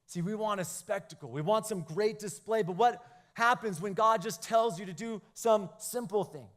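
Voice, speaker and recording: A man preaching a youth sermon, animated in his storytelling, who acts out quoted lines. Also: high voice, normal speed. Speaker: youth pastor.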